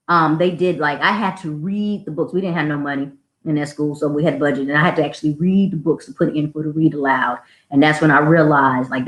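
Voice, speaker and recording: A woman who works as a school administrator, hosting a casual show and telling stories in a snarky, animated way. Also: low voice. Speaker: podcast host, school administrator. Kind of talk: casual storytelling. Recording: roomy echo.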